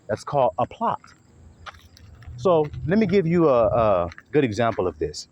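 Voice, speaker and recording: An online preacher with a medium-pitched, sing-song and slightly mellow voice delivers a blunt, emphatic monologue at normal speed. He swears freely and keeps slipping into acted-out quotes, all captured on a dull lo-fi recording with faint hiss.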